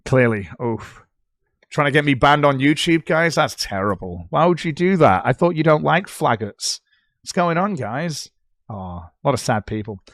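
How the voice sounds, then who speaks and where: A man's voice: a little high, sing-song, normal speed, fairly bright tone, dry recording, clean studio sound. A British man on a livestream, talking back at posts he reads aloud in a sarcastic, sweary way. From Britain. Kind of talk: casual livestream commentary.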